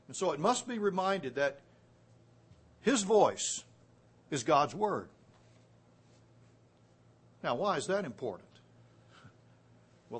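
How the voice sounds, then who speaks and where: Male pastor, high-pitched, emphatic sermon delivery with big dynamic swings. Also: breathy edge. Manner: emphatic preaching with wide swings in loudness; reads scripture aloud, slows for key phrases.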